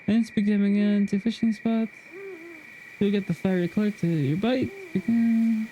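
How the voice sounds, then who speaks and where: A man's voice: sits high, fairly even intonation, moderate pace, warm tone, a little hiss or hum. A man streaming a game, chatting casually and reading a game guide aloud with frequent restarts. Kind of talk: casual gameplay stream chat.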